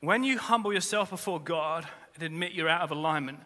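A man's voice: on the high side, brisk, sharp tone. A man, a pastor, preaching a sermon in earnest, repeating key phrases for weight. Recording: long reverb of a large hall.

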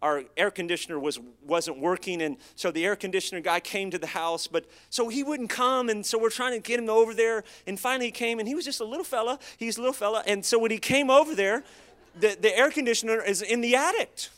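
High-voiced folksy man preaching. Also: fast, fairly bright tone. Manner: folksy, storytelling, call-and-response. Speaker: pastor. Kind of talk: sermon.

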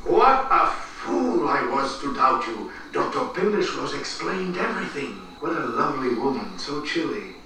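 An actor playing a flamboyant, excitable aristocratic gothic father who talks in theatrical exclamations, heard from an echoey film soundtrack. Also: medium pitch, moderate pace, hardly any pauses, distant mic, a little hiss or hum. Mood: delighted.

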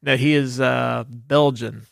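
A man hosting a podcast, ribbing his guest with cheerful profanity. His voice is smooth and clear, recorded close and dry with no room sound. He talks at a middling pitch. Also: fairly even intonation, slow, no room sound. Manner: teasing, profane banter. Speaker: podcast host. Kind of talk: casual chat.

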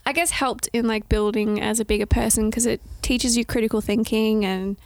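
A woman's voice: fairly high pitch, steady tone, moderate pace, a little mellow, no room sound. A young Australian woman chatting casually as a podcast guest, giggly and full of fillers. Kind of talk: casual chat.

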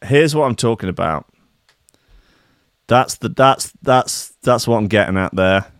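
A man riffing sarcastically on odd news stories, full of crude asides and filler words. His voice sits at an ordinary middle pitch. It is recorded close and dry, with no room echo. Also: lively intonation, measured pace, clear, resonant tone. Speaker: host. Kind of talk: comedic news commentary.

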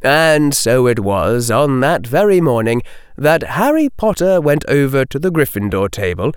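A man narrating a story as an audiobook in an expressive, performed reading. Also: medium pitch, unhurried, smooth, no echo, studio quality.

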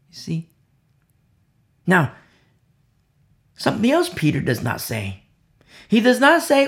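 A male preacher delivering a dramatic sermon, swinging from loud declarations to hushed whispers. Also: high-pitched, wildly swooping pitch, slow, long pauses.

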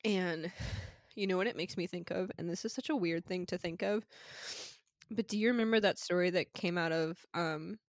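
A young woman co-hosting a podcast, tearful and crying as she talks, halting and apologetic. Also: on the low side, dry recording, studio quality. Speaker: podcast co-host. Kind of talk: casual chat.

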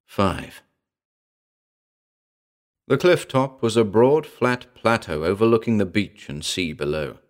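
A man's voice: fairly low pitch, animated, takes it slowly, pauses often. A man narrating a comic pulp story in a dry, wry storytelling manner.

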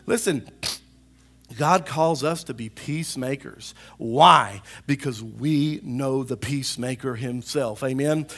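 Man pastor, emphatic sermon, call-and-response, gravelly voice. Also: medium pitch, slow, fairly bright tone. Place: church service.

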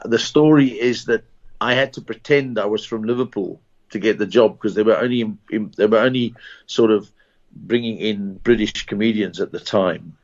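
A man with a South African accent, a comedian telling anecdotes in a casual interview with many restarts and chuckles. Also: medium pitch. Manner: rambling anecdotes with false starts and laughs. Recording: dull lo-fi recording.

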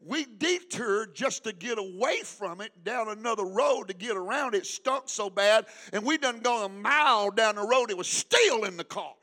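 Casting: older pastor, man, high piercing voice, preaching with call-and-response, hushed then shouting. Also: lively intonation, normal speed, few pauses. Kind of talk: sermon.

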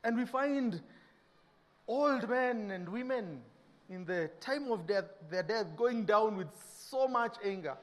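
Kenyan pastor guy, pretty high voice, preaching, goes loud then real quiet, acts out little scenes. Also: slow pace. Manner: animated preaching, acting out mock dialogues, swinging between loud and hushed. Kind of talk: sermon.

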